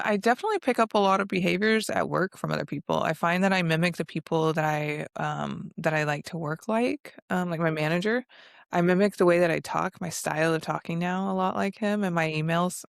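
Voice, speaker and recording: A woman's voice: low voice, creaky, clean tone, dry recording. Direct, reflective woman podcaster, dry sound. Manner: direct, reflective, laughs easily. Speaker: podcast co-host. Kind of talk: casual podcast chat.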